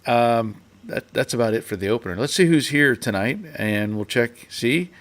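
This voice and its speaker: A man's voice: mid-range voice, animated, normal speed, fairly bright tone. A man hosting a casual live stream, rambling along with fillers and restarts and reading out viewers' chat comments.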